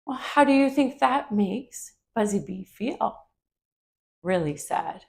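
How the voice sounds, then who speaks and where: A woman leading a children's yoga story in a gentle, questioning way. She talks slowly, with a gravelly fry in her voice. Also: mid-range voice, lively intonation. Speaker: kids yoga teacher.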